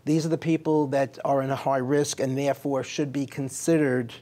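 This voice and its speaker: A man's voice: medium pitch, level tone, moderate pace, dark tone. A man, a physician hosting a health interview, asking leading questions and summarizing. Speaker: physician host. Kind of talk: medical interview.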